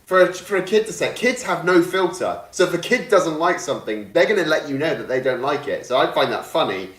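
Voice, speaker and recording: A man on a live geek panel, chatting in a lively way and laughing easily. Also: on the high side, brisk. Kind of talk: casual panel chat on a live stream. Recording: echoey room.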